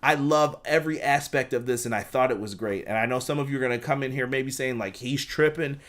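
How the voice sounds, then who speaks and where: A young man reviewing a wrestling show in a casual, slangy way, excited and briefly acting out what the wrestlers said. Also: medium pitch. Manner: excited, slangy, acts out quotes in quick asides. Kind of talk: casual fan review recap.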